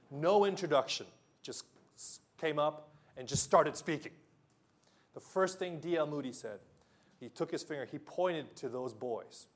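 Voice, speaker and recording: Male pastor, sermon delivery, unhurried, earnest storyteller. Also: fairly high pitch. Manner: earnest storytelling, slows for emphasis, voice drops soft on key lines.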